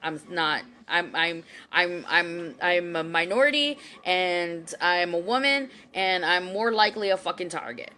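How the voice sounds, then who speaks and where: A woman's voice: on the low side, expressive, measured pace, hardly any pauses, bright, forceful tone, slight background noise. A young woman from Houston giving a casual live-stream monologue, heated and profane, rambling with many fillers and restarts. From Houston, Texas. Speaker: psychic reader and commentator. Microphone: webcam or phone microphone.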